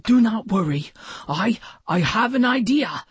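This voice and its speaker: A woman's voice: a little high, animated, a little slow, husky, pitched above the performer's own voice, full character voice. A woman doing an eager, nervous dog bellhop. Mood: earnest. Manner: eager to please, earnest.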